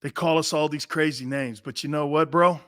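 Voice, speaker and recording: A middle-aged man hosts a sports talk show in a casual, rambling way. His stories break into loud shouts and laughter. His voice sits a little high and rings bright and forceful, recorded dry and close. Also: moderate pace, no echo. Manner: loud, excitable, storytelling with bursts of shouting and laughter.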